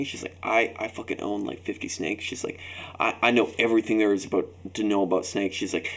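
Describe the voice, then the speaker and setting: A man's voice: on the low side, steady tone, fast, creaky, fairly bright tone. A man telling rambling, profane anecdotes in casual group banter, acting out what people said. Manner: rambling anecdotes, swears freely, acts out quotes. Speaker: storyteller in group chat.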